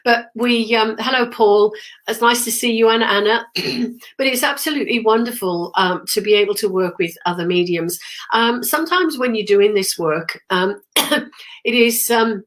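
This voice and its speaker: A middle-aged woman with a cold, clearing her throat often as she hosts a rambling, chatty live stream about her work as a medium. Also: a little high, normal speed, fairly bright tone. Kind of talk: casual live-stream chat.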